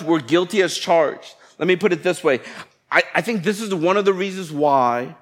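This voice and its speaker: A pastor delivers a sermon in an easy, talk-to-the-room manner. He slips in quick acted-out voices of everyday people. His voice sits a little on the high side for a man. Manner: conversational, playful preaching with acted-out inner voices.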